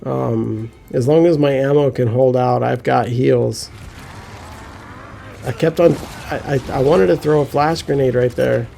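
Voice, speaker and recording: A man giving casual gameplay commentary, excitable, often laughing and swearing when he gets frustrated. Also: mid-range voice, a little slow, gravelly, soft background music. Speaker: gaming commentator.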